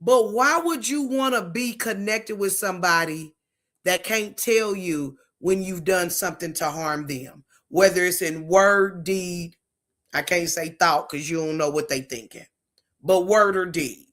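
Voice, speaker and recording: A woman's voice: fairly low pitch, measured pace, a bit bright. A woman hosting a faith-based talk show, speaking bluntly and emphatically and acting out the tones she talks about. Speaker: host.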